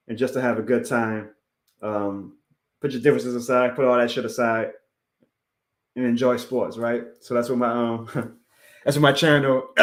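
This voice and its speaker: A man's voice: medium pitch, reverberant. A man chatting casually on a live stream, heartfelt and rambling, laughing often and answering chat. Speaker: YouTube sports streamer.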